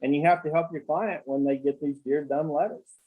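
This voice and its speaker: A man's voice: a little high, fairly even intonation, a little fast, phone-quality sound. A man who works as an accountant, telling blunt, salty stories in rambling casual talk on a call. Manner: rambling, with many fillers and restarts. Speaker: accountant guest.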